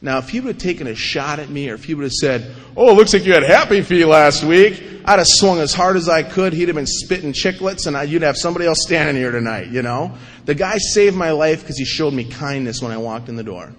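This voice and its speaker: A man with a fairly high voice tells his story to a crowd at a recovery meeting. He is wry and animated and acts out every scene, and his voice carries a long reverb from the large meeting hall. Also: fast.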